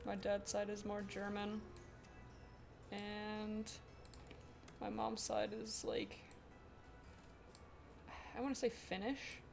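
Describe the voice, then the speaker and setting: A woman with a blend of Pennsylvania and Southern US accents chats casually on a live stream while she draws. Her talk rambles, is full of "like", and breaks into frequent giggles. Faint music and clicking sit quietly in the background. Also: mid-range voice, level tone, slow, creaky, pauses often. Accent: mix of Pennsylvania and US Southern. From Pennsylvania, USA. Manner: chatty and rambling, giggles often, lots of "like". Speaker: artist streamer.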